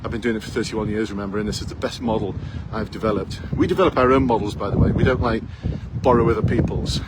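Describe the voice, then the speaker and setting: A man's voice: lowish voice, fast talker, heavy background noise. A man in his fifties, a police recruitment coach giving blunt, challenging advice full of rhetorical questions, recorded outdoors in a town. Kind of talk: direct advice to camera.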